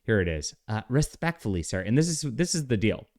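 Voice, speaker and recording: A man hosting a comic book commentary vlog, animated and sarcastic, laughing often. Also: fairly low pitch, a little fast. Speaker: vlogger and comic book author.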